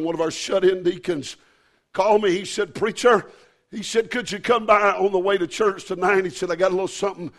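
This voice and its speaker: High gravelly preacher man. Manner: builds to shouted preaching with "uh, uh" fillers. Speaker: pastor. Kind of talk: storytelling sermon.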